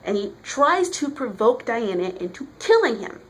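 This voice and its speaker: A woman's voice: on the high side, very animated, moderate pace, a little hiss or hum. A woman giving a casual, chatty vlog review of a comic book, talking with emphasis.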